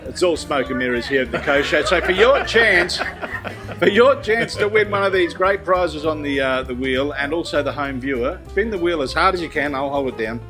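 A man's voice: fairly high pitch, expressive, normal speed. A man hosting a live variety talk show, chatty and joking with an audience member, with many fillers. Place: stage before a live audience. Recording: live studio with loud music and crowd.

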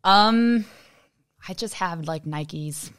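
A woman's voice: fairly low pitch, drawn-out words, clean tone. A young woman, a guest on a casual podcast, modest and laughing easily. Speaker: guest footballer. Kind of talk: casual chat.

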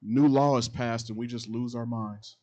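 Man, pastor, middle-aged, sermon, mid pitch, repetitive phrasing, loud-soft swings. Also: fairly even intonation, moderate pace, low-quality recording.

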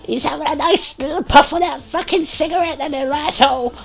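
A woman's voice: high-pitched, fairly even intonation, a little fast, vocal fry. A woman giving sweary, rowdy commentary while playing a video game. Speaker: gaming let's-player. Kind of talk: casual gameplay commentary.

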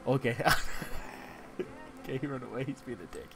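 A young man co-hosting a casual let's-play, excitable and laughing with loud bursts. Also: medium pitch, a little fast, pauses often. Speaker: gaming channel co-host. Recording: game music behind.

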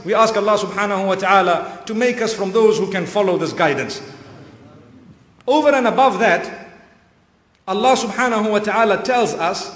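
A man's voice: sits high, normal speed, long pauses, a bit bright. A man preaching an earnest, emphatic sermon to a congregation, often using Arabic phrases. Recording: echoey hall, long reverb.

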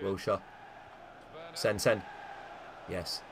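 A man giving lively, chatty commentary over a football video game, cheering and shouting at the big moments. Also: low-pitched, drawn-out words, background noise. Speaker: gaming commentator.

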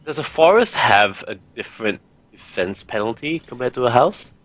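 A man's voice: mid-range voice, big pitch swings, normal speed, fairly bright tone, dry recording, poor audio. A man learning a board game, asking tentative, curious questions as he plays. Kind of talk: casual questions during play.

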